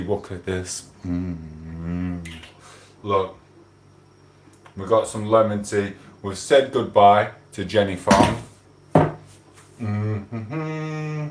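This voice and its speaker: A man's voice: lowish voice, slow pace, slight background noise. A man hosting a casual livestream at home, chatting and greeting viewers by name. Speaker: livestream host. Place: room at home. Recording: echoey room.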